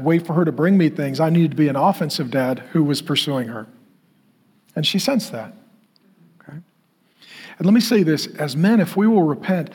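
A man's voice: fairly high pitch, darkish tone, slightly rough. A middle-aged man preaching a sermon, telling a personal story and then building to emphatic repeated questions. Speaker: pastor.

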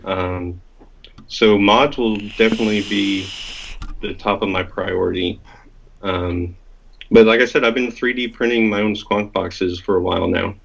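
A man in a casual chat over a call, relaxed and hesitant, pausing with ums. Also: fairly low pitch, gravelly, low-quality recording.

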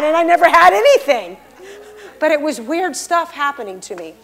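A middle-aged pastor's wife giving a lively church testimony, acting out the people she quotes. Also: high voice, moderate pace. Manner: storytelling, acts out the people she quotes in big, loud voices.

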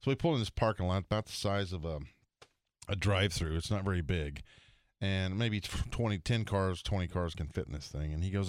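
A man telling a golf story on a radio show, animated and playing the other people's voices as he goes. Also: low voice, fast talker, dry recording, studio quality. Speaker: golf radio show regular, tour pro. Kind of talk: casual storytelling chat. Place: radio studio.

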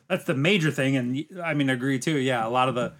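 A man in a casual movie discussion, thoughtful and halting as he works through his points. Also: mid-range voice, a bit bright. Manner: thoughtful, halting, many fillers and restarts.

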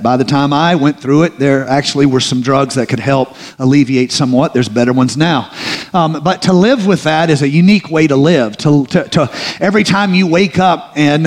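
A middle-aged man, preaching a sermon in a colloquial storytelling manner and often restarting his words. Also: medium pitch. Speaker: pastor.

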